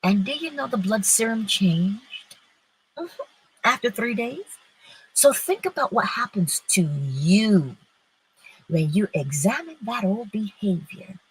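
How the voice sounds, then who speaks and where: A woman with a very husky, breathy voice gives an inspirational talk on a live stream. She speaks slowly and her pitch swings widely. She moves between emphatic preaching and easy chat with her viewers, laughing often. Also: lively intonation, rough recording. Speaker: host of a live-streamed morning inspiration show.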